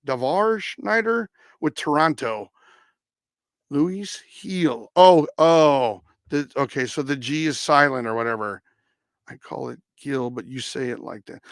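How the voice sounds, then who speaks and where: A man with a somewhat high voice chats casually through a sports live stream, answering viewers and tripping over player names. The sound is dry and close, with no room around it. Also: a bit bright, no echo. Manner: rambling, self-correcting, stumbles over player names. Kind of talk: casual live-stream chat reading comments.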